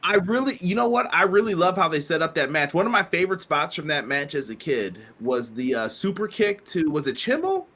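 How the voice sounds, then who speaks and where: A man in his thirties co-hosting a casual wrestling podcast, telling animated stories and acting out quotes. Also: a little high, a little fast, hardly any pauses. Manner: animated storyteller, acts out quotes. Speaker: podcast co-host.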